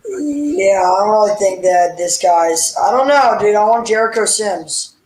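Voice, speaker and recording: A man talks sports casually, excitable and blunt, in a high voice. He speaks slowly and drawn out, and the room rings noticeably around him. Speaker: co-host. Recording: roomy echo.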